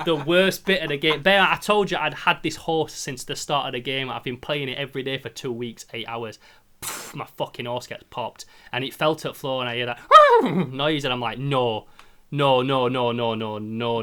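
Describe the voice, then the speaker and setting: A man's voice: mid-range voice, normal speed, a bit bright. A man, animatedly retelling a video game's story on a podcast, swearing and acting out the characters' lines. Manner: swears freely, acts out game characters' lines. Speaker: podcast host. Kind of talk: casual chat, animated game recap.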